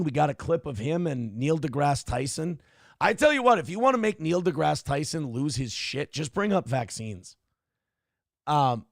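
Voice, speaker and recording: Male stream host, gravelly, swears freely, dry close sound. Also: fairly high pitch, no echo. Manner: blunt, profane, reads chat aloud. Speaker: show host. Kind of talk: casual live-stream commentary.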